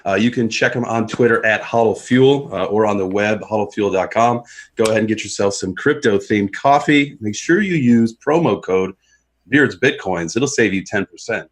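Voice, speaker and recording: A man co-hosting a casual podcast, easygoing and friendly, reading plugs in a relaxed way. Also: fairly low pitch, normal speed. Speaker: podcast co-host.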